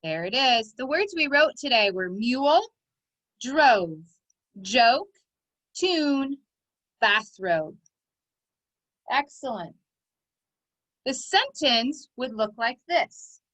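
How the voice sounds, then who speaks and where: A woman with a high-sitting, animated, sharp-toned voice teaches phonics at a measured pace in a dry recording. She patiently dictates words slowly and clearly for young children, stretching out their sounds.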